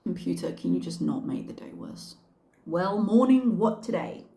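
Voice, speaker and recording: A woman's voice: fairly low pitch, lively intonation, normal speed, vocal fry, mellow. A woman hosting a reaction channel, giving casual commentary with wry, sarcastic asides. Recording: echoey room.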